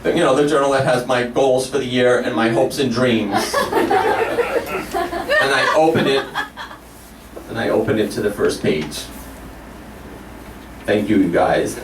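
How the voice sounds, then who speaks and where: A man telling a comic personal story live on a small cafe stage, animated and self-mocking. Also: mid-range voice, measured pace, long pauses, distant mic, very noisy. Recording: roomy live cafe, mic from afar.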